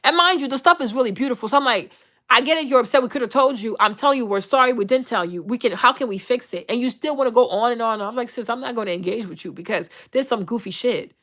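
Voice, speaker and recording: A woman's voice: a little high, racing, sharp tone. A woman vlogger in a blunt, profane, unscripted rant, acting out the lines of the people in her stories. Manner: blunt, profane, acts out quoted dialogue.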